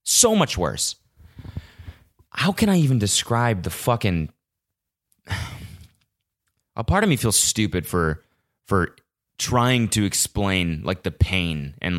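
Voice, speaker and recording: A man's voice: low-pitched, big pitch swings, measured pace, long pauses, fairly bright tone. Frazzled swearing young man podcasting. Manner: frazzled, rambling, heavy swearing. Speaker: podcast host. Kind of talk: casual solo podcast monologue. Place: his apartment. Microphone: small vlog camera mic.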